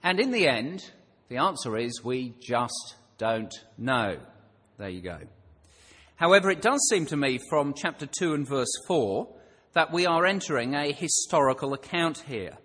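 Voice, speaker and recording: A man delivers a sermon in an easy, conversational manner, posing rhetorical questions as he goes. His voice sits at an ordinary middle pitch. The sound carries the long reverb of a large church hall. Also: big pitch swings, measured pace, fairly bright tone, husky. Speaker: preacher.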